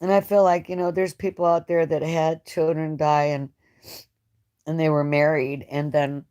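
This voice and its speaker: Low-voiced grieving woman, rambling. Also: darkish tone. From United States. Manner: emotional, rambling, halting speech with many restarts. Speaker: channel host. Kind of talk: live-stream chat with a guest.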